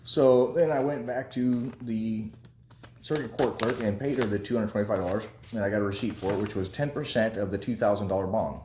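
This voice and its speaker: A man's voice: lowish voice, fairly even intonation, brisk, reverberant, noisy background. A man in his forties from Kentucky telling a long story in a rambling, chatty way, with fillers. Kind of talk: casual storytelling.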